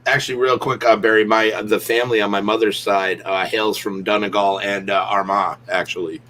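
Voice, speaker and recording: A man's voice: on the low side, fairly even intonation, fairly quick, bright, forceful tone, slight background noise. A man co-hosting a live chat, speaking casually and hesitantly, with fillers. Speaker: co-host.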